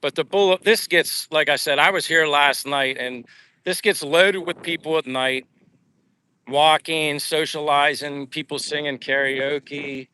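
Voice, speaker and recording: A man's voice: fairly high pitch, unhurried, clean tone. Chatty American man walking and live-streaming. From United States. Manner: relaxed, chatty, reads out viewer comments with many fillers. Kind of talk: casual live-stream chat while walking. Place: outdoors on a seaside boulevard.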